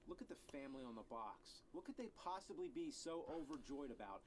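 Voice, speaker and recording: A man giving a comedic rant review of a video game, sarcastic and profane, breaking into angry yells. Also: mid-range voice, lively intonation, fairly quick, hardly any pauses, slight background noise.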